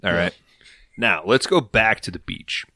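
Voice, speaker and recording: A man hosting a podcast, recapping an episode in an animated, casual storytelling way with a lot of swearing. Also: lowish voice, unhurried, dry recording. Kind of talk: casual chat.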